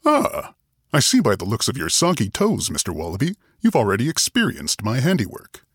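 A cheerful male winter spirit talks playfully with a husky edge and a lively, swinging pitch, as a man plays him. The sound is dry and close in this children's audio story. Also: moderate pace, dry recording, full character voice.

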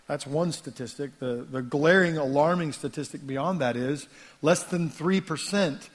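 Chatty guest pastor, slightly high. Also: male voice, measured pace. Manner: relaxed and chatty, with frequent ums and self-deprecating asides. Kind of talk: casual talk from the pulpit. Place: church sanctuary.

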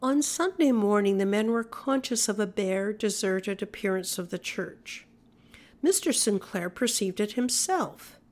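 This is scripted narration by a woman working as an audiobook narrator, her pitch in the middle range. She delivers an old-fashioned tale in a steady, evenly paced storyteller's style.

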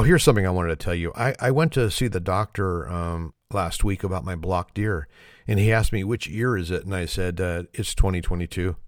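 A man's voice: sits low, no echo, studio quality. A man hosting his own podcast in a casual comedic monologue, chuckling at his own dad jokes in his morning voice. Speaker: podcast host.

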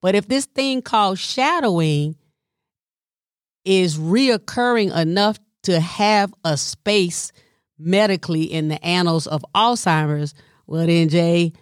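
Dry, lower-voiced woman telling a story. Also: slow pace, clear, resonant tone, no echo. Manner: animated, colloquial, dropping into whispers for effect. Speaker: family caregiver. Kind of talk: personal storytelling monologue.

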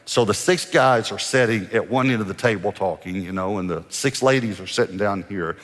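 Middle-aged male pastor, lively sermon storyteller, husky low voice, echo from a big church hall. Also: a little fast. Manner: animated storyteller acting out dialogue. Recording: long hall reverb from a church.

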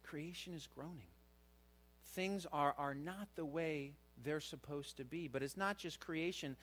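A middle-aged man preaching a sermon as pastor, earnest, his voice rising louder for emphasis. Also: measured pace. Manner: earnest, rises in pitch and volume for emphasis.

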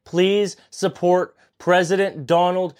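A young man in his twenties with a slightly higher voice talks straight to his listeners as host. He is earnest and pleading, hammering points home by repeating them. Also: fairly even intonation, slow pace, a little mellow, clean tone. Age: 20s. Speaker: podcast host. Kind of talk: impassioned political monologue.

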